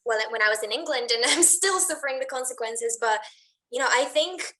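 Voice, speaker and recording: A woman's voice: high voice, expressive, a little fast, fairly bright tone, poor audio. A woman hosting an interview, talking in a chatty, hesitant way with lots of fillers. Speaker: host. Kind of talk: casual interview chat.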